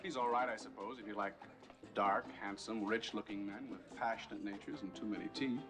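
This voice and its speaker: An actor playing a wry young writer in a 1960s film, speaking in dry, understated remarks. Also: male voice, lowish voice, steady tone, fairly quick, over music, close to an everyday voice.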